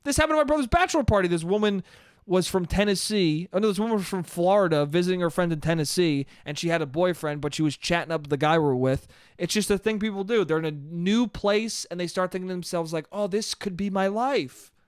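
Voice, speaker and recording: A man around thirty rambles through a solo podcast, swearing freely and poking fun at himself. His voice sits a little high and sounds smooth. The recording is close and dry. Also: fast talker, dry recording. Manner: rambling, swearing, self-deprecating, laughs a lot. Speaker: podcast host. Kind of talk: casual solo podcast monologue.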